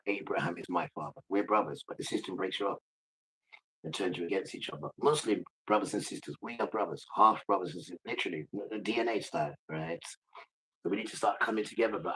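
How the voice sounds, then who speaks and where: A man delivering an impassioned, informal sermon in a somewhat low but bright, hard-edged voice. He is emphatic and repetitive and keeps asking his listeners rhetorical questions. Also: slight background noise, rough recording.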